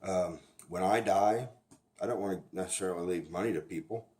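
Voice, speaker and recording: A man speaking as a recovery sponsor, talking candidly and bluntly, often restarting his sentences and filling pauses with "you know.". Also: low-pitched, darkish tone. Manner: halting, with frequent restarts and "you know" fillers; blunt and plainspoken. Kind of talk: candid informal talk to camera.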